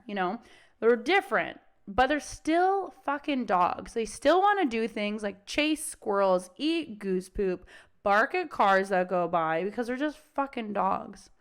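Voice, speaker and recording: On a podcast, a young adult woman who trains dogs talks casually, swears freely, and acts out the voices of dogs and their owners. Her voice is mid-range.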